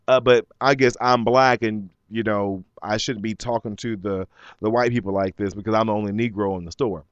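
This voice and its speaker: A man's voice: measured pace, no echo. Man, casual storyteller, rambling and heated, laughs a lot, dry close sound. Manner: rambling, heated, laughs often, jumps into high voices when quoting.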